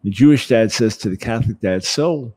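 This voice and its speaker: A man speaking as an interview guest, animated, often repeating words as he builds a point. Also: fairly low pitch, quick pace. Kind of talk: conversational interview.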